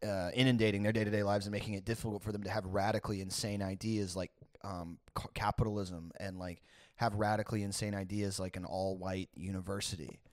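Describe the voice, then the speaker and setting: A man's voice: fairly low pitch, level tone, fast, hardly any pauses, no echo, studio quality. A man co-hosting a comedy podcast, eagerly riffing and egging his partner on. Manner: eager, goading, riffing along with laughs. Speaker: podcast co-host. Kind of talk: satirical comedy chat.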